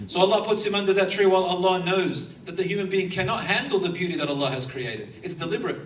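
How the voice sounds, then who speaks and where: A man preaching a sermon, an animated storyteller who chuckles between his points. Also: sits high, quick pace, hardly any pauses, a little hiss or hum. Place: lecture hall. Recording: echoey hall, mic from far off, faint ambience.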